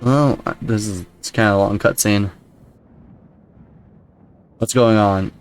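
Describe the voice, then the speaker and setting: A man with a lowish voice talks through a video game in a loose, rambling way. He muses aloud and breaks off into startled exclamations. Soft game music plays faintly behind him. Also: steady tone, slow pace. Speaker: gameplay commentator. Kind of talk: casual let's-play commentary.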